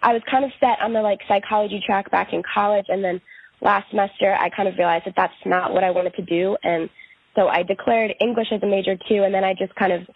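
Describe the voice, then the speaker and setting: A woman's voice: mid-range voice, steady tone, fast, husky, no room sound, phone-quality sound. A young woman student reflecting on winning a scholarship, in a rambling casual way. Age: young adult. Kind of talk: casual interview.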